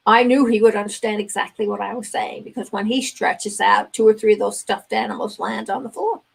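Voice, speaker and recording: A woman's voice: medium pitch, steady tone, brisk, creaky, slightly rough, low-quality recording. An older woman, a grandmother, speaks as a guest on a talk radio show, telling stories earnestly and acting out the conversations in them. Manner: earnest storytelling, acts out dialogue.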